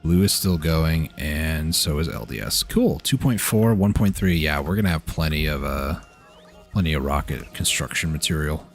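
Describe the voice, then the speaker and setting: A man's voice: extremely low pitch, moderate pace, soft background music. A man streaming a game, talking casually to himself as he plays. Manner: relaxed, muttering to himself while playing. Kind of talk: casual gameplay commentary.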